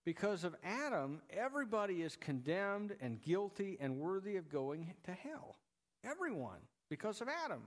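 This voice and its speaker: A pastor delivers a sermon to his congregation in a relaxed, conversational style, slipping in jokes along the way. For a man, his voice runs slightly high, with a sing-song lilt at a moderate pace. A long reverb from the church sanctuary hangs on every word.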